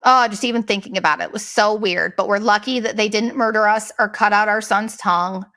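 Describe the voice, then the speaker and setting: A woman hosting a podcast, telling a story in a casual, profane, animated way and mimicking the people she quotes. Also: mid-range voice, brisk. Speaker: podcast host.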